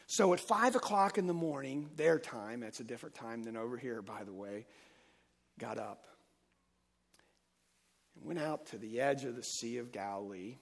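A man preaching a Sunday-morning sermon, emphatic and rising and falling in loudness as he reads and explains scripture. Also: mid-range voice, lively intonation, normal speed, pauses often, big-room sound. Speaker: pastor.

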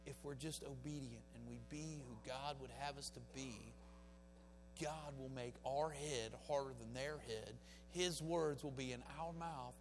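A man preaching a sermon in a church, swinging between fiery exhortation and quiet, folksy storytelling. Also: medium pitch, steady tone, unhurried. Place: church sanctuary. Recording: reverberant church hall with faint music.

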